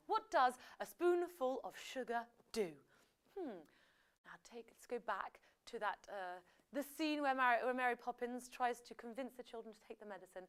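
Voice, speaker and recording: A woman's voice: high voice, lively intonation, normal speed, fairly bright tone, clear, resonant tone. A British woman hosting a live quiz show, chatty and full of jokey asides between the questions. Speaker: quiz host.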